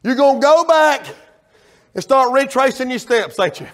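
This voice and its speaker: A man preaching a sermon as pastor, telling folksy stories in a loud, animated way. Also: extremely high pitch, moderate pace.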